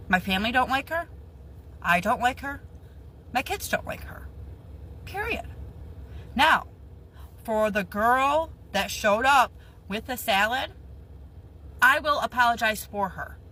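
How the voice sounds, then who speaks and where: A woman speaking straight to camera in a clip, emphatic and deliberate as she states her position. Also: a little high, pushed and bright, a little hiss or hum, poor audio. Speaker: social media poster. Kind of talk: direct-to-camera video.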